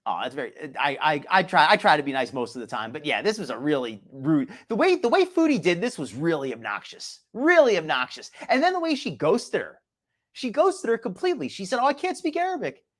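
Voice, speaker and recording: Hardly pausing, a live stream host chats casually in a fairly high, bright voice that swoops wildly, speaking fairly quickly. He reads chat names to greet viewers, keeps restarting sentences and tosses in sarcastic asides.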